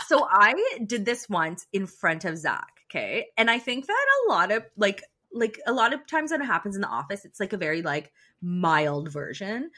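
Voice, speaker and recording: Bright, lively young woman podcaster. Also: mid-range voice, normal speed, few pauses. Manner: animated storytelling, frequent laughter. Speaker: podcast co-host. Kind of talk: casual chat.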